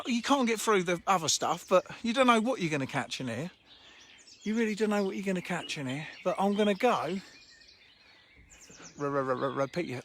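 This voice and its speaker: Faint birdsong accompanies a fishery owner's live-streamed walk around his lake, filmed on a handheld phone. He talks in a high, somewhat bright voice, chatty and laughing, with a blunt, informal manner.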